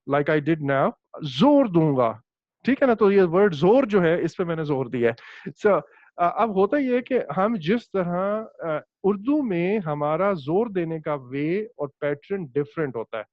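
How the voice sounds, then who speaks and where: A man's voice: high voice, lively intonation, racing, dry recording. A man with a Pakistani accent, Urdu native, teaching English in an online lesson, hesitant with many fillers and stressing words. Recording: dull, dry lo-fi call audio.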